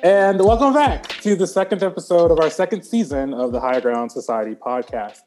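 A man's voice: a little high, lively intonation, brisk, a little mellow, faint music behind. A man hosting a podcast, upbeat and encouraging, talking casually with many fillers. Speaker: podcast host. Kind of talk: casual interview chat.

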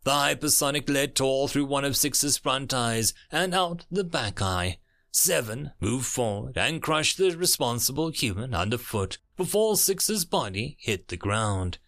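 A man reading a dramatic science fiction story aloud as its narrator, with an expressive reading style. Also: mid-range voice, measured pace.

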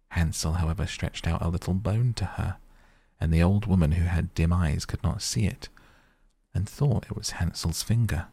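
Male narrator, very low and gravelly, husky, dry close sound. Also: dark tone, dry recording. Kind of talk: fairy tale reading.

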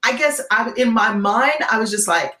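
A woman guest on a podcast interview, telling a dramatic story in an animated way and often checking in with "right?". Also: fairly high pitch, moderate pace. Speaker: guest, keynote speaker. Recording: roomy echo.

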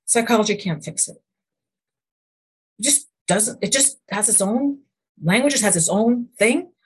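Woman, podcast guest, husky voice, earnest faith-based storytelling, rhetorical questions, frequent restarts. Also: medium pitch, animated, measured pace. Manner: faith-based, speaks of God and the Lord. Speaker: guest, emotion code practitioner. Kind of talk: conversational podcast interview.

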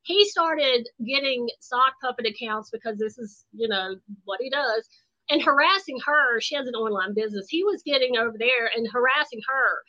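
High bright woman guest, blunt n swears a lot, kinda muffled lo-fi audio. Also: moderate pace. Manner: blunt, animated, profane. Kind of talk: casual storytelling chat. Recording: dull lo-fi sound.

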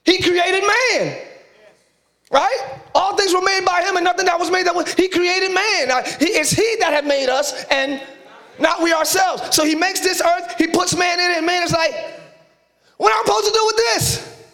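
A man preaching an energetic live sermon as pastor, shouting and hyped, calling on the congregation to respond. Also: extremely high pitch, normal speed. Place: large church sanctuary with congregation.

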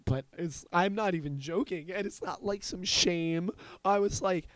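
A man's voice: sits high, a little slow, fairly bright tone, no echo. A man in his thirties hosting a podcast, telling a rambling, profane story in casual chat. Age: 30s. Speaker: podcast host.

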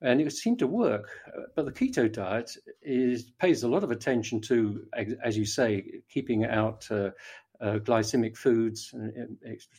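A man's voice: mid-range voice, measured pace, darkish tone, husky. An older man, a guest in an interview, talking at length with many fillers, restarts and a lost train of thought. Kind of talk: conversational interview.

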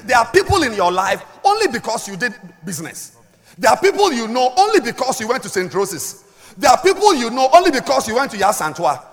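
A middle-aged woman preaching a sermon, swinging between loud shouted emphasis and quiet, low asides. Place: large church hall. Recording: echoey hall with long reverb.

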